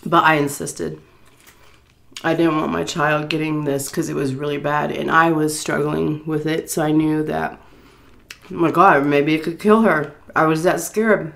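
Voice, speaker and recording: A breathless woman just getting over the flu tells her story straight to her viewers in a chatty, unscripted vlog. Her voice sits a little low for a woman, and she keeps pausing to catch her breath and sigh. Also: steady tone, gravelly. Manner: chatty, addresses viewers directly. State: recovering from flu, sighing. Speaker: food vlogger. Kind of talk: casual storytelling to camera.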